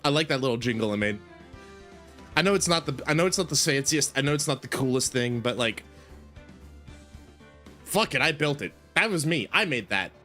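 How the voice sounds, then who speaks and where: A game streamer chats casually on his livestream, rambling, greeting viewers, and making jokes at his own expense. His mid-range voice is animated, bright, and forceful, at normal speed with long pauses, and faint music plays in the background.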